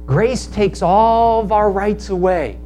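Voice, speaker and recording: A man preaching a sermon, telling a parable in animated storytelling style and acting out the characters in quick asides. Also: high-pitched, slight background noise. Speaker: pastor.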